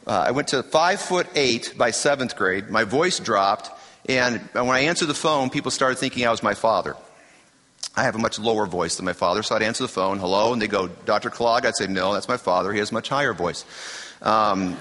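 A middle-aged male preacher delivers a sermon with a bright, forceful voice. He is emphatic, throws out rhetorical questions and hammers key phrases through repetition. His voice rings out with a long reverb through a church hall. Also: mid-range voice.

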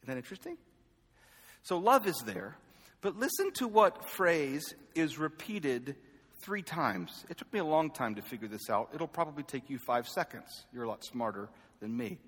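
A man's voice: on the high side, big pitch swings, moderate pace, husky. Preacher man in an echoey hall. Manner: conversational, self-deprecating, swings from loud calls to quiet asides. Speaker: pastor. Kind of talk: sermon.

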